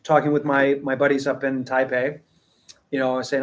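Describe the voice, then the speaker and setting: A man talks loosely to his viewers as host of his own tea channel, drifting through his thoughts. He restarts sentences often and chuckles now and then. His voice sits at an ordinary middle pitch. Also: flat delivery, fairly quick. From Western. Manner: rambling, many restarts, chuckles. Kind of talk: casual talk to camera.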